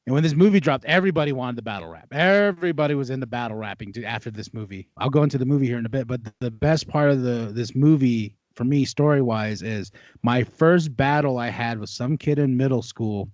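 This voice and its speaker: A man chatting casually about movies, telling animated stories and laughing often. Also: medium pitch, brisk, no echo. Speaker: podcast co-host. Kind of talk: casual chat. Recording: dull lo-fi dry sound.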